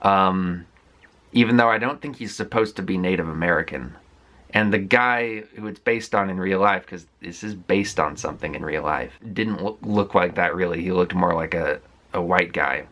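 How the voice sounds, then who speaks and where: A man talks candidly through a film recap, circling back and restarting his sentences as he goes. His voice is bright and forceful, and it sits somewhat low. The delivery is loose and casual, filled with fillers and asides. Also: moderate pace. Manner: rambling, with frequent fillers and restarts; candid and conversational. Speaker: movie vlogger.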